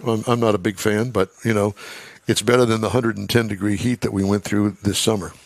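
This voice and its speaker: A man's voice: fairly low pitch, fairly even intonation, a little fast, vocal fry, dry recording. Chatty male radio host, dry studio sound. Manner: chatty, reads news items aloud with wry asides. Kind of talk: casual on-air chat.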